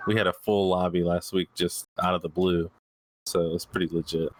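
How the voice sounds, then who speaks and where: A man hosting a gaming podcast in casual chat, relaxed and swearing freely. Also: low-pitched, normal speed, slight background noise. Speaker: podcast host.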